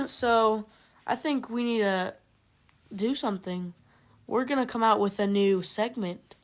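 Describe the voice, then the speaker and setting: A woman's voice: a little high, takes it slowly. A woman co-hosting a podcast in casual chat, playful and giggly with short interjections. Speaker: podcast co-host.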